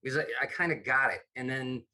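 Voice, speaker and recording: Man from upstate New York, middle-aged, bright forceful voice, rambling casual interview chat. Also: medium pitch, fast talker. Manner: rambling, repeats himself, many restarts. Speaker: podcast guest, comedy producer.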